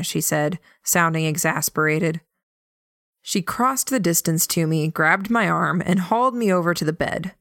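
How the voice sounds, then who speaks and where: A woman narrates a first-person novel in a calm, even manner. Her voice sits fairly low and she reads very slowly. The recording is dry and close-miked. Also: no echo. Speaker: audiobook narrator.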